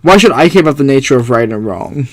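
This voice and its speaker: A man voicing a weary middle-aged accountant in a video game, narrating in a flat, dry manner. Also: medium pitch, quick pace, natural voice.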